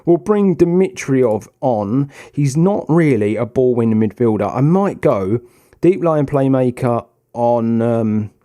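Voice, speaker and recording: A young man commentating on his own football management game, swinging from tactical muttering to excited shouts. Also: medium pitch, measured pace. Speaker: gaming video host. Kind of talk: casual gameplay commentary.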